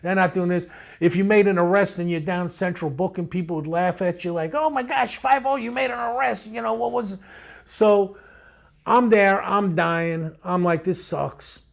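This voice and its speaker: A man's voice: high voice, moderate pace, creaky. A man, a retired police detective telling war stories in an interview, blunt and streetwise. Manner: streetwise, blunt, animated storyteller. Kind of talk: storytelling interview.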